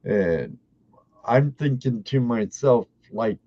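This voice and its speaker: A man's voice: mid-range voice, lively intonation, dark tone, muffled recording. A man from Washington state, a prospector guest, telling rambling stories in a casual chat. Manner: slow rambling storyteller.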